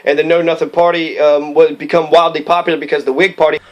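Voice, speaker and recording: A man's voice: a little high, flat delivery, quick pace, lo-fi sound. A man rambling about history and ancestry, cursing often and circling back with fillers. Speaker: history commentator. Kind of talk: rambling profane commentary.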